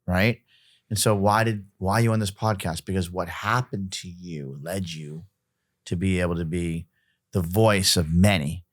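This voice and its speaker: A man's voice: deep voice, steady tone, normal speed, no room sound, studio quality. A middle-aged man, a podcast guest, talking casually and emphatically, often repeating himself and restarting sentences.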